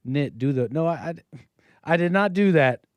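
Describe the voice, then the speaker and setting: A man's voice: on the high side, animated, moderate pace, dry recording. A man hosting his own live call-in stream, chatting casually with viewers and jumping from topic to topic. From United States. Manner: chatty, jumps between topics. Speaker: livestream host.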